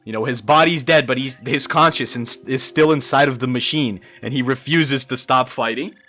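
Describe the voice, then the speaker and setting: A young man from Brazil doing live gameplay commentary as a streamer, excitable and quick to swear and yell. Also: medium pitch, faint music behind. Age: young adult. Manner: excitable, swears often, yells and laughs in frustration.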